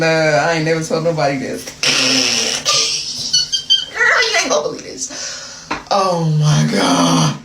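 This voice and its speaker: An American woman telling a chatty confession story straight to her viewers, talking to them like a friend. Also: low-pitched. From United States. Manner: chatty, animated, addresses listener as girl. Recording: roomy, distant, noisy phone video.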